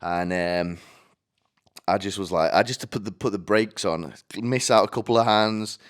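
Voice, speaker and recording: Speaking at a moderate pace with a fairly low voice, this twentysomething British man hosts a podcast. He meanders through a tale that pokes fun at himself, peppered with crude slang.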